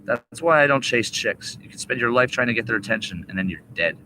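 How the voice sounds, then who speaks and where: A man's voice: mid-range voice, expressive, a little fast, noisy background. A young man ranting profanely into a laptop webcam during a rambling livestream, agitated and cursing. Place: indoors at a laptop. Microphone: laptop webcam mic.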